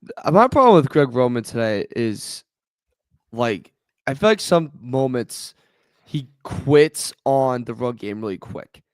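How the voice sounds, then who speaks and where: Smooth-voiced man breaking down a game. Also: medium pitch, sing-song, unhurried, no room sound, clean studio sound. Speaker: podcast co-host. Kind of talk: casual sports talk.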